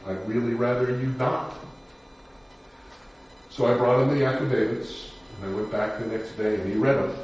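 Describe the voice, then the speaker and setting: A man, a defense lawyer, telling a personal story in a measured, somber way with pauses and fillers. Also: medium pitch, fairly even intonation, a little mellow, far from the mic, a little hiss or hum. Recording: echoey room picked up from afar.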